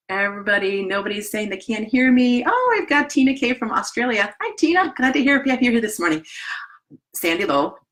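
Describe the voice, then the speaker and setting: Middle-aged Wisconsin woman, lively piano teacher trainer, chatty and hands-on. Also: mid-range voice. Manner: chatty, animated, demonstrates as she talks. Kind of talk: live-streamed teaching talk. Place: home studio with piano and desk.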